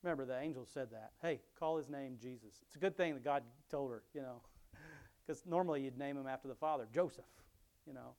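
A man's voice: mid-range voice, a little fast, vocal fry, darkish tone. Middle-aged man reading scripture and chatting. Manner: reads scripture aloud, then chats and chuckles between verses. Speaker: preacher. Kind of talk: Bible reading with commentary.

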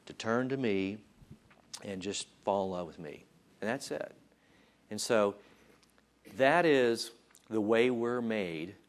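A man teaching from the Bible in an informal sermon, chatting, acting out voices and joking about himself. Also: lowish voice. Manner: conversational, acts out voices and jokes about himself. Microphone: taped.

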